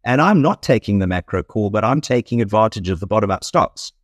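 A man's voice: on the low side, expressive, brisk, no room sound, clean studio sound. A middle-aged South African man with a South African accent, a fund manager guest talking in a rambling, self-correcting way and laughing easily. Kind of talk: conversational interview.

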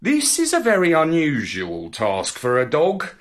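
Brief: male storyteller, fairly high-voiced, very animated and slow-paced for kids. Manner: expressive, swooping storybook delivery. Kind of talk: children's story reading.

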